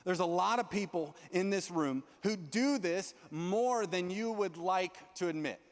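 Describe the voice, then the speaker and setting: A young man with a high, light voice tells a story as a youth sermon. He is animated and pokes fun at himself. His words ring with the long reverb of a large hall. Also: a little slow. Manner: animated, self-mocking storyteller who acts out his own lines. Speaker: youth pastor.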